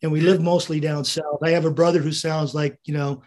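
A man's voice: on the high side, flat delivery, fairly quick, darkish tone. An American man in his seventies, a veteran guest in an interview, telling rambling anecdotes with chuckles and quoted dialogue. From United States. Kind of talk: storytelling interview.

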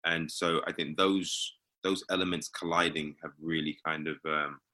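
A man's voice: a bass voice, fairly even intonation, moderate pace, bright, forceful tone. A man, an actor talking as an interview guest in a thoughtful way, often restarting and repeating words. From England. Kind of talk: casual interview chat.

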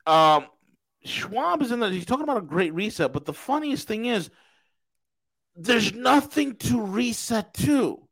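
A man co-hosting a casual political podcast, talking in an animated, mocking way and ranting with scorn. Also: sits high, a little slow, low-quality recording. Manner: animated, mocking, puts on comic accents. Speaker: podcast co-host.

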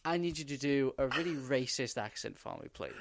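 A man's voice: mid-range voice, expressive, brisk, creaky, no echo, clean studio sound. A man playing a bossy villain coaching an actor. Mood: insistent. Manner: bossy, insistent.

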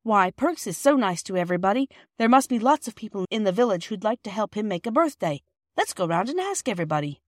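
A woman's voice: mid-range voice, sing-song, fast talker, no room sound, clean studio sound. A woman voicing Peter, an eager, bossy young boy in a storybook reading.

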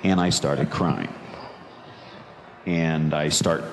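Deep-voiced man telling a heartfelt story. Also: steady tone, drawn-out words. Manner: earnest, reflective storytelling with emphatic repetition. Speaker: speaker telling his conversion story. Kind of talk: personal testimony talk. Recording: long reverb in a large room, faint background noise.

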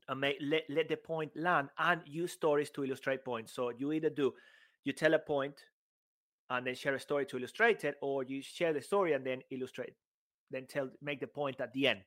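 A man co-hosting a casual public speaking chat, animated and jokey, acting out bits of dialogue. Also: fairly high pitch. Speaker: podcast co-host.

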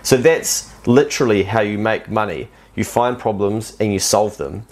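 Lowish-voiced New man, blunt. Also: normal speed. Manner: loose and blunt, swears freely. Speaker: podcast guest. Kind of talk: casual chat.

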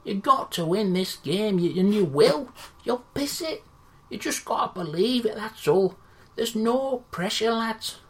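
A woman's voice: mid-range voice, animated, unhurried, voice pushed up, close to an everyday voice. A woman voicing a modest male football caretaker manager in a comedy sketch, who rambles and hesitates with lots of fillers. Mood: rousing.

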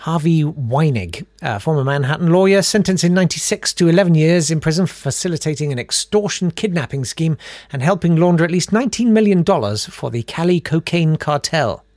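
A man's voice: on the high side, lively intonation, a little fast, darkish tone, no echo, clean studio sound. A man hosting a casual news chat, sarcastic and rambling, full of ums and uhs. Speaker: host.

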